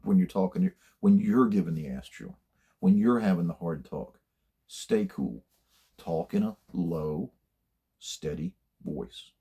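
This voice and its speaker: A man's voice: low-pitched, dark tone, husky. An older man giving blunt, plainspoken career advice in a casual monologue, swearing freely as he tells stories from his working life. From United States.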